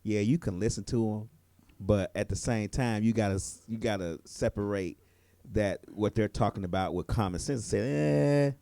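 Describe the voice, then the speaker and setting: A man co-hosting a talk show who keeps chiming in with quick agreement and laughs along. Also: on the low side, steady tone, dark tone, no room sound. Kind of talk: casual chat.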